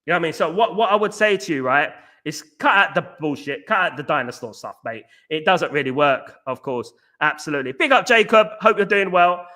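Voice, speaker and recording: Guy rambling on a fan stream, bright forceful voice, lots of ums and restarts, gets combative. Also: fairly high pitch, fairly quick, few pauses. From London. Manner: repetitive, many fillers and restarts, combative. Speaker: host of a football fan livestream. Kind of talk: casual livestream chat reading viewer comments.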